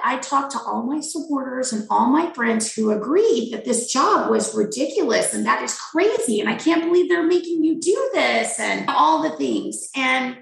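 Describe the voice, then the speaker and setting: A woman's voice: high-pitched, vocal fry. A middle-aged woman physician, a guest in an interview, frankly and emphatically telling a personal story. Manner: frank, animated, emphatic repetition. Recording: roomy echo.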